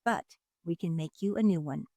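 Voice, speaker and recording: A woman voicing a small, brave, stubborn male mouse dentist in a children's storybook read-aloud, with a crisp, firm, commanding manner. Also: on the low side, normal speed, dark tone, dry recording. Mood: businesslike.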